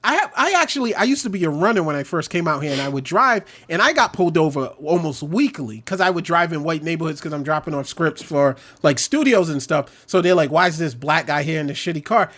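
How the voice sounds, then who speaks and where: A man's voice: on the high side, very animated, brisk, few pauses, fairly bright tone. A man from Brooklyn, a podcast guest telling stories in casual, profane, joking chat. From New York, Brooklyn.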